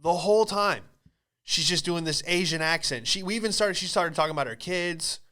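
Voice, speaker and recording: A male comedian tells a story on his podcast with an animated, exclamatory delivery full of swearing. His voice is bright, clear and sits fairly high for a man. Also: a little fast.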